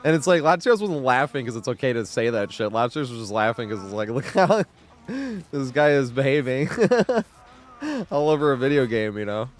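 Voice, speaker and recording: A man casually chatting on his live gaming stream, rambling and laughing a lot, relaxed and stoned, with frequent casual swearing. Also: mid-range voice, a little fast.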